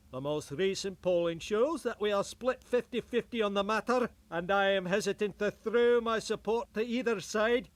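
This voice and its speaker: A cranky cartoon groundskeeper with a thick Scottish accent, ranting in a blustery, scornful way. His voice sits high and swings widely. The recording is close and dry. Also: no room sound. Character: gruff middle-aged male Scottish groundskeeper, cranky. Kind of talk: cartoon voice acting.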